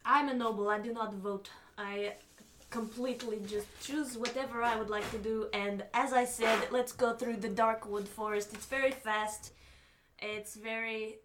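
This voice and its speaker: A woman's voice: fairly high pitch, steady tone, normal speed, a bit bright, slight background noise, close to an everyday voice. A woman playing a haughty, sarcastic noble in a tabletop role-play. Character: haughty young female noble.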